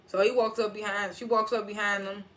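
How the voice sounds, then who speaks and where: A TV reviewer giving a loose, animated recap of an episode, quoting characters along the way. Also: medium pitch, a little fast. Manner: animated, loose retelling that quotes characters and laughs often.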